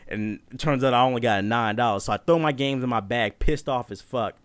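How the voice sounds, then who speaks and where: A young man telling a comedic story casually, animated and profane, laughing as he goes. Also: medium pitch, a little fast, smooth, no room sound.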